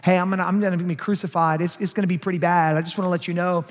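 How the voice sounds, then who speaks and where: A man's voice: high voice, little pitch movement, very fast. A man preaching a sermon as pastor, emphatic, rising and falling in force. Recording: long hall reverb.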